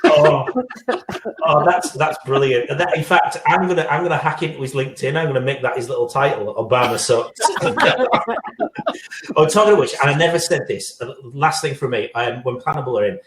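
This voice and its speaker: A man's voice: mid-range voice, animated, moderate pace, noisy background. Joking man in an echoey room. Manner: joking, storytelling. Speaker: co-host. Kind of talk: casual live-show chat.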